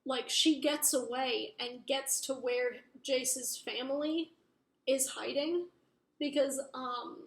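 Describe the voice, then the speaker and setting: A woman's voice: sits high, slow. A young woman casually recapping a book plot, rambling with lots of fillers and swearing. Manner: rambling, filler-heavy, profane. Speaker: book reviewer. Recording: roomy echo.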